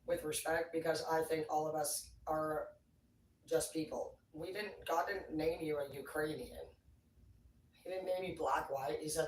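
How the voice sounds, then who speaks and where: An excitable livestreamer rants in a loose, profane ramble, swinging from quiet asides to loud bursts. The voice sits at a middling pitch and sounds distant from the mic. A roomy echo and faint background noise fill the space around it. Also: moderate pace.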